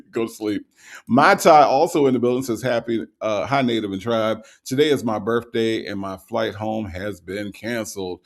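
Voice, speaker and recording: A man hosting a livestream, reading out viewer comments and greeting each viewer in a relaxed, casual way with lots of ums, a little tired from the night before. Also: on the low side, normal speed. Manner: relaxed, greets viewers with repeated hellos, frequent ums and uhs.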